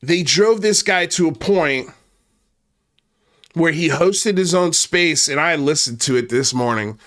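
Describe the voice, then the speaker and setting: A man's voice: on the high side, fairly bright tone. Angry, cursing man ranting. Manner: repeats himself and restarts when worked up. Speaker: commentary channel host. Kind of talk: heated online commentary rant.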